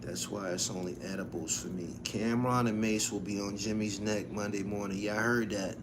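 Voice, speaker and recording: With a lowish, fairly even voice, a man hosting his own channel talks a little fast over background noise. His livestream is a casual, profanity-laced chat full of stories and frequent laughter.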